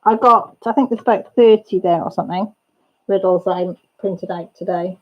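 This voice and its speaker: A livestream host who is also a mother speaks in a mid-range voice at a moderate pace. She keeps things casual, calling out viewers by name and chatting with her family off-camera, and the audio is dull and lo-fi.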